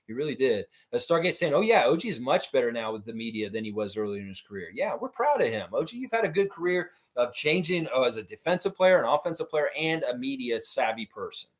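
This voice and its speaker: A man's voice: medium pitch, very animated, fast talker, few pauses. A man hosting a live watchalong stream, casually reading chat messages aloud and riffing on them with frequent fillers and laughs. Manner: frequent "in some ways" and "uh" fillers. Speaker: livestream host.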